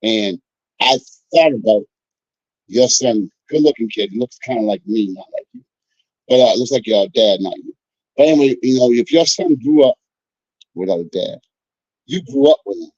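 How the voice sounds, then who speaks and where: A man's voice: medium pitch, moderate pace, long pauses, no echo. A man hosting a casual sports talk show, talking to his guest and turning to the listeners with "folks" and "y'all.". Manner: animated, addresses listeners as folks. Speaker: podcast host. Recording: dull lo-fi sound.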